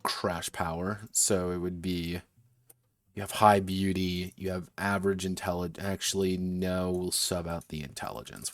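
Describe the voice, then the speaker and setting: A man's voice: deep voice, unhurried, no room sound. A man streaming as he designs a tabletop game, thinking aloud in a muttering way, often correcting himself and swearing casually.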